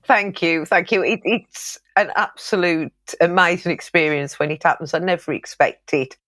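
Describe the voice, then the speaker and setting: A woman's voice: lowish voice, moderate pace, fairly bright tone, no echo, clean studio sound. A woman being interviewed as a guest author, gracious and effusive in her answers.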